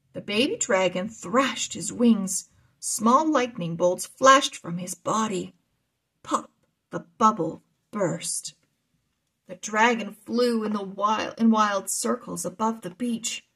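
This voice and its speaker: Slow, husky woman reading a children's story. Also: mid-range voice, fairly bright tone. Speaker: children's book reader. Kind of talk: reading aloud a children's chapter book.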